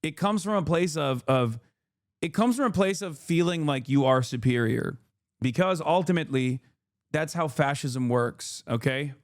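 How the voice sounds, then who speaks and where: A fired-up man in his thirties riffs on a news clip, pressing his points hard and tossing in "okay?" to drive them home. His voice sits a little high for a man. The sound is dry and close, with no room around it. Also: normal speed, no echo. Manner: emphatic, calls listener "brother", frequent restarts and "okay?". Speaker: streamer reacting to news clips. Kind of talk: casual heated commentary.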